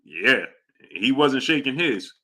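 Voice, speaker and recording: Young guy w hosting a boxing livestream, bright punchy voice, keeps repeating himself for emphasis. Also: medium pitch, slow pace. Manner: animated, emphatic, repeats lines for effect. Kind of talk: live stream chat, reading Super Chats.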